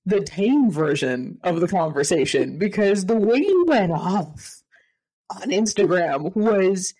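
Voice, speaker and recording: Lively, mellow-voiced woman co-host. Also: fairly low pitch, takes it slowly. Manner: supportive, lots of backchannel. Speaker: podcast co-host. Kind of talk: casual chat.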